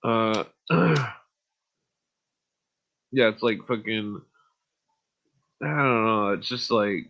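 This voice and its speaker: A man's voice: lowish voice, very slow, gravelly, pauses often, a bit bright. A man hosting a podcast, ranting in a rambling, profane monologue full of fillers and short laughs. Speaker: podcast host. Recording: dull lo-fi audio.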